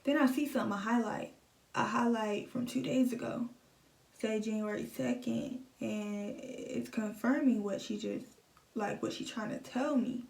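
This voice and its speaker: A young woman recounts a painful memory in a halting, emotional way, circling back over the same words. Her voice stays flat in pitch. The phone picks her up from a little way off in a roomy, echoing space. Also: creaky. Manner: emotional, halting, repeats herself. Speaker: vlogger. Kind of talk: personal storytelling. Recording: echoey room, phone set at a distance.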